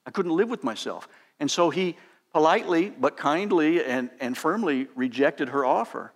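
A male pastor delivering a sermon in a somewhat high voice. He preaches with emphasis and climbs upward when he urges his listeners on. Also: lively intonation, moderate pace. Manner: emphatic preaching, pitch rising on exhortations.

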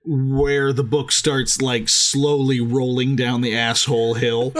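A man's voice: mid-range voice, flat delivery, slow, very noisy. A man co-hosting a podcast, chatting casually about a book, rambling with lots of restarts and frequent laughter. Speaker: podcast co-host.

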